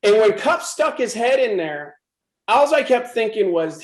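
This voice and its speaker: Intense high-voiced man telling his story. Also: big pitch swings, a little slow, roomy sound, rough recording. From USA. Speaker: speaker at a club presentation. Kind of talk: personal testimony talk.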